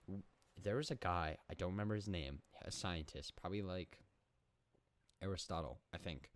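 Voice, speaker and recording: A man's voice: low-pitched, moderate pace. A young man hosting a comedic solo podcast, rambling in a mock-serious way and correcting himself as he goes. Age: young adult. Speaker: podcast host.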